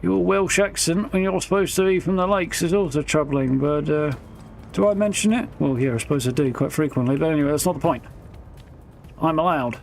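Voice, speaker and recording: A man's voice: a little high, a little fast, gravelly, slight background noise. A man giving casual, wry commentary while live-streaming a video game. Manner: wry, chatty, self-mocking.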